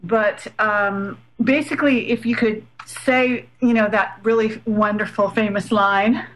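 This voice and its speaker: A woman's voice: medium pitch, steady tone, unhurried, fairly bright tone, low-quality recording. A woman hosting a radio interview, chatty and apologetic as she steers her guest back on track. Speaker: radio host.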